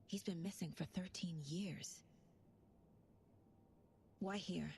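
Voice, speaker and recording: An actress voicing a calm, analytical female FBI agent, thinking aloud in a hushed, measured monologue. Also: fairly low pitch, gravelly, breathy edge, exaggerated voice. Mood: focused. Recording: game audio with loud music behind.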